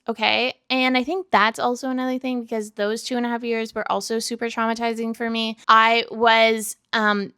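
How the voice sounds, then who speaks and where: A woman's voice: on the high side, fairly bright tone, clean tone, no room sound, clean studio sound. A young woman in her twenties from Vancouver, talking candidly and casually in a vlog indoors, full of "like" fillers and self-mocking asides. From Vancouver, Canada. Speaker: vlogger. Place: indoors by a window.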